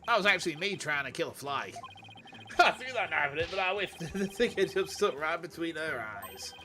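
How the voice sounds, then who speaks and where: Laid-back middle-aged rebel leader in a game, read by an English man, lively. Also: fairly high pitch, moderate pace, noisy background, close to an everyday voice. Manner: reading game dialogue aloud.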